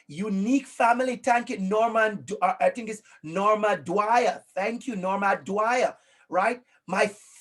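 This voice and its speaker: Lively Jamaican man leading a workshop. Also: sits high. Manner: energetic, encouraging, repeats phrases for emphasis. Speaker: workshop presenter. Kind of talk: interactive online workshop talk.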